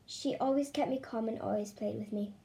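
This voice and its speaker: A woman reading a story aloud with expressive, emotional delivery. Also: on the high side, a little fast, creaky. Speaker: reader. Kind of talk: storybook narration.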